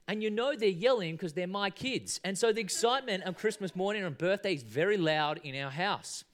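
A man's voice: high-pitched, expressive, fairly quick. An Australian man in his thirties, an assistant minister giving a conversational sermon in a church with a joking tone and frequent fillers.

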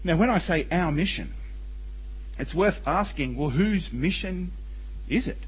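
Husky-voiced man preaching. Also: fairly high pitch, animated, unhurried, poor audio. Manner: earnest, emphatic, rhetorical questions. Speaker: pastor. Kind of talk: sermon. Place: church.

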